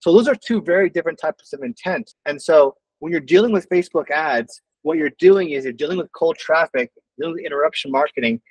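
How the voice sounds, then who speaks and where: Conversational man with a higher voice. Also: lively intonation, quick pace, few pauses, slightly rough, dry recording, poor audio. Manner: loose, conversational, acts out phone calls in quotes. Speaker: marketing agency owner teaching sales. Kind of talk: casual screen-share lesson.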